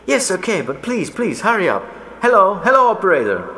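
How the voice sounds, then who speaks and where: A man's voice: high voice, huge pitch swings, a little fast, sharp tone, pitched above the performer's own voice, full character voice. A man voicing a frantic, fretful upper-class woman manager who keeps exclaiming. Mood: flustered. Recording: roomy echo, faint noise.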